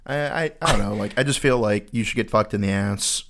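A man's voice: lowish voice, quick pace, fairly bright tone. A young man on a podcast, telling crude, profane stories in casual chat with a co-host. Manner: crude, storytelling, swears often.

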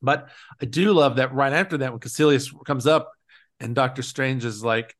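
A man's voice: medium pitch, moderate pace. A man co-hosting a podcast, chatting casually and playfully about films, often acting out characters' lines. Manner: animated, playful, acts out movie lines in character voices. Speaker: podcast co-host. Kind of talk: casual chat.

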